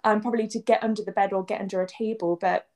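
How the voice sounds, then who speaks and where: A woman's voice: mid-range voice, fast talker. A woman from England with an English accent, co-hosting a podcast and telling stories in casual chat, acting out quotes and sound effects. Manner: animated storyteller, acts out quotes and sound effects. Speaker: podcast co-host.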